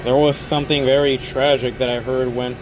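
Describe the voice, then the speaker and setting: A man's voice: mid-range voice, level tone, fairly quick, noisy background. A young man working an overnight store shift, talking casually to camera in a rambling, earnest way that repeats itself. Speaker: overnight convenience store clerk.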